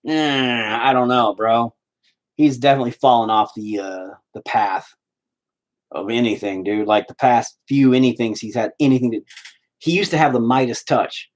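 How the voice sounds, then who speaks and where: A man's voice: medium pitch, steady tone, moderate pace. A man hosts a casual live stream and talks straight to his viewers. He rambles from one thought to the next and swears freely. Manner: profane, rambling.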